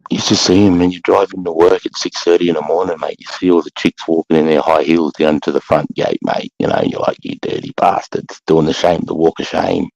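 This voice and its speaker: Australian man, middle-aged, very low gravelly voice, husky, blunt swaggering storyteller, dull lo-fi sound. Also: level tone, brisk, hardly any pauses, a little mellow, no room sound. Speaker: podcast co-host, former army sergeant. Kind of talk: casual chat, storytelling.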